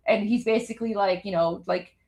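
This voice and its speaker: A woman's voice: mid-range voice, fairly even intonation, a little fast, gravelly, a little mellow. A woman from Iran hosting a live show, giving emphatic, indignant commentary on a video, with many fillers and restarts. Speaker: host.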